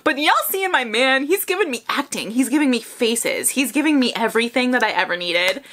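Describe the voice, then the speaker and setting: A young woman hosting a music video reaction, gushing and squealing with excitement as she watches. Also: fairly high pitch, brisk. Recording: music playing loudly behind. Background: music video playing.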